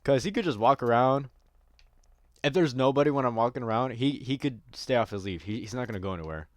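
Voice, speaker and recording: A man's voice: mid-range voice, lively intonation, fast, dry recording, clean studio sound. A man giving casual gameplay commentary, rambling and joking crudely with a lot of swearing. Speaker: gaming streamer.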